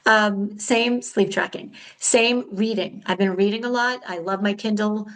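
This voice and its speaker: Middle-aged woman hosting her own podcast, chatty and candid, kinda frenetic, keeps correcting herself, mid pitch. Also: fairly even intonation, a little slow, a bit bright, rough recording. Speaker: podcast host. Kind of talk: casual solo podcast talk.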